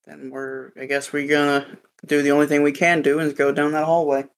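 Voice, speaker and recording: A man's voice: a little high, flat delivery, a little fast. Man playing a tabletop character. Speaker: player. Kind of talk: tabletop role-play.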